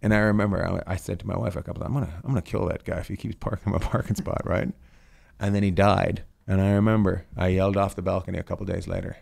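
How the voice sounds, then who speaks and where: A man's voice: low voice, fairly even intonation, fast talker, vocal fry, darkish tone. A man hosting a podcast, telling rambling stories in casual chat and swearing freely. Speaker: podcast host. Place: lives in California.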